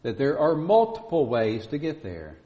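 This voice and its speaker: A man's voice: a little high, big pitch swings, moderate pace. Man, preacher, emphatic sermon cadence, long reverb, muffled sound.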